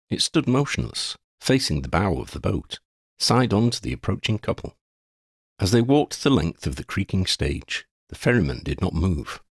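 A man narrating a fantasy audiobook in a measured, expressive way. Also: low-pitched, slightly rough, dry recording, clean studio sound.

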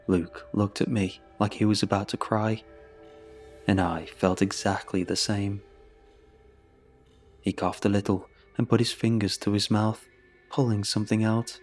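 A man narrating a horror story in a measured, steady way. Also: lowish voice. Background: faint music.

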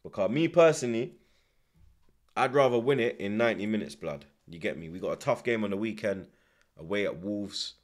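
A man's voice: on the low side, animated, fairly quick. A young man, chatting animatedly as he live-streams a football watchalong, full of slang and repeated tag words. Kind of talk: live stream match commentary and chat.

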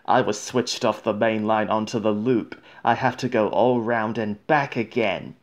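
A proud, pompous express engine speaks in a low voice, put on by a man reading aloud. He talks down to others in a boastful, patronizing way. His pace is slow and deliberate. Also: fairly even intonation, lightly acted. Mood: cross. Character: proud big male express steam engine.

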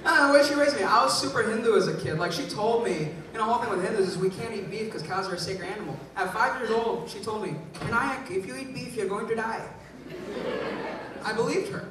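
A man's voice: sits high, expressive, quick pace, few pauses, a little hiss or hum. A man from the Bay Area performing a live stand-up set, telling punchy, self-deprecating stories. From San Francisco Bay Area. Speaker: stand-up comedian. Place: comedy club stage. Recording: echoey club, far mic, loud crowd.

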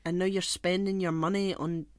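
A man's voice: sits high, little pitch movement, normal speed, smooth, dry recording, clean studio sound. A young man co-hosting a podcast in casual chat, rambling, laughing often and swearing offhandedly. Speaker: podcast co-host.

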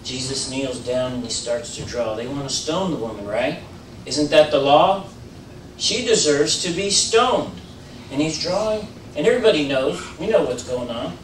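A man giving an informal sermon in a church, talking in a conversational way with many fillers and restarts, rising into animated emphasis. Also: mid-range voice, moderate pace, slight background noise. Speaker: preacher. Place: church sanctuary. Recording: roomy church audio, mic at a distance.

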